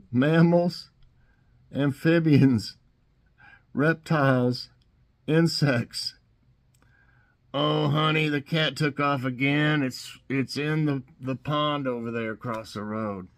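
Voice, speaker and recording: A man's voice: mid-range voice, steady tone, slow pace, long pauses. A middle-aged man with a Southern US accent, casually reading trivia questions and joking about the silly answers with plenty of chuckles. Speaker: host.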